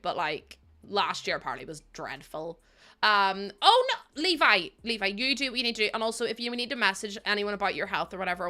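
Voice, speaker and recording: An Irish woman streams a game and rambles to her viewers, laughing often and talking straight to chat in casual livestream fashion. Her voice is medium in pitch, pushed and bright.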